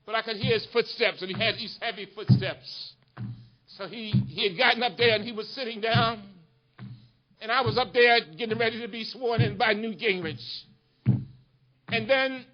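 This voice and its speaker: A man giving an impassioned speech to a union audience with an emphatic oratorical cadence, repeating lines for effect. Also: extremely high pitch. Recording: muffled lo-fi recording.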